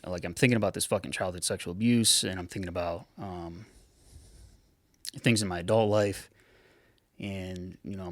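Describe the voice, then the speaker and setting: A man in his thirties, a podcast guest telling a painful personal story frankly, swearing often and pausing on fillers. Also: fairly low pitch, fairly bright tone, dry recording. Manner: frank, heavy swearing, halting with many fillers. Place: podcast studio.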